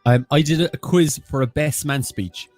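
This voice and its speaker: A man's voice: on the high side, normal speed, darkish tone, no room sound. A man co-hosting a music quiz stream, chatting casually and greeting viewers by name. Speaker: quiz show co-host. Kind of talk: casual banter on a livestream.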